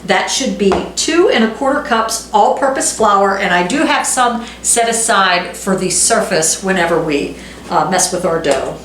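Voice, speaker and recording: A middle-aged woman hosts a relaxed cooking vlog from her home kitchen, chatting and reading out recipe steps with self-deprecating remarks. She speaks unhurriedly in a bright, expressive, medium-pitched voice. Dishes clatter in the echoey room, and there's slight background noise.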